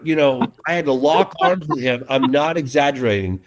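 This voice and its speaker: A middle-aged man, the guest of an interview, talks in an even, middling register. He is an animated, earnest storyteller who keeps pressing his points. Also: mid-range voice, moderate pace. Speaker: documentary filmmaker, interview guest. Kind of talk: casual interview chat.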